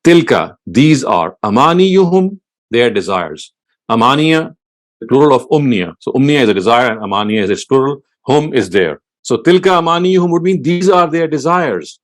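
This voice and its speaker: A man's voice: medium pitch, expressive. Man teaching scripture word by word. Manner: translating word by word, slow and deliberate; recites Arabic verses in quick chant. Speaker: lecturer.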